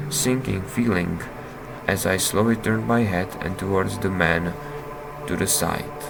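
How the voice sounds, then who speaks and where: A man's voice: deep voice, steady tone, a little slow, gravelly. A man playing a story game, reading the narration aloud and breaking off with sworn exclamations. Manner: swears and exclaims in reaction. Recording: music playing underneath.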